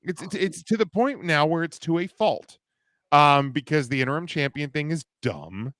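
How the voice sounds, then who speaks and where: A man's voice: a little high, animated, moderate pace, a bit bright, no room sound. A man co-hosting a casual podcast, talking in rambling, opinionated runs full of restarts. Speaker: podcast co-host. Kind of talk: casual wrestling podcast chat.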